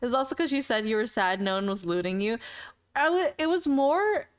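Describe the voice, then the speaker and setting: A woman's voice: a little high, expressive, a little fast, clean tone. A woman streamer in casual live-stream chat with viewers, playful and teasing, laughing often between remarks.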